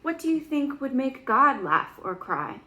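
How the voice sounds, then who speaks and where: A woman reading a children's book aloud gently, pausing to ask the listener questions. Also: high-pitched, sing-song.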